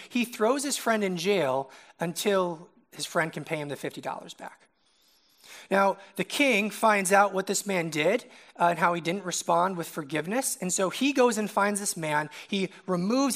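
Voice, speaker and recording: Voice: mid-range voice, animated, moderate pace, fairly bright tone. A young adult preacher giving a casual, conversational sermon, often checking in with the listeners by asking "right?".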